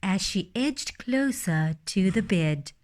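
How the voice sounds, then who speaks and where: A woman reading a fairytale aloud in a gentle, expressive storytelling manner. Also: mid-range voice, slow pace.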